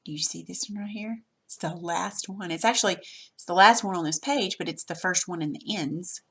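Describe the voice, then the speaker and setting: Patient woman teacher, lowish voice. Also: a little fast, fairly bright tone, slightly rough. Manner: patient, step-by-step explaining. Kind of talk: worksheet walkthrough lesson.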